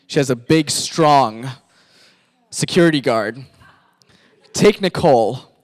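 A man's voice: medium pitch, expressive, takes it slowly. A man from Pakistan, a pastor, animatedly narrating a sermon skit and directing volunteer actors.

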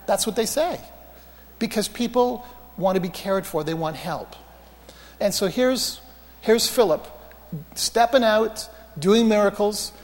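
Male preacher, high voice, storytelling sermon, long hall reverb, animated anecdotes. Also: unhurried. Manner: anecdotal, animated, self-mocking humor.

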